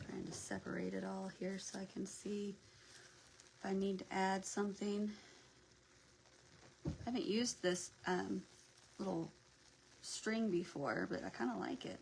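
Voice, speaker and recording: A woman's voice: medium pitch, fairly even intonation, slow, creaky, pauses often, slight background noise, low-quality recording. A woman hosting a casual craft livestream, chatting and greeting viewers by name as she works, sometimes dropping to a near whisper.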